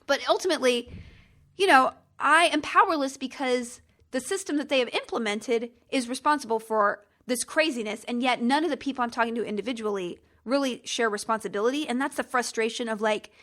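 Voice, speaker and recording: A middle-aged woman hosting a podcast, telling a long story in casual chat, animated and exasperated, acting out phone calls in quoted voices. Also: a little high, fairly quick. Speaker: podcast host.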